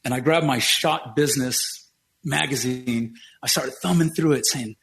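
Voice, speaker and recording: A man telling a long story on a podcast in an animated, casual way, acting out the people he quotes and swearing now and then. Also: mid-range voice, measured pace, creaky.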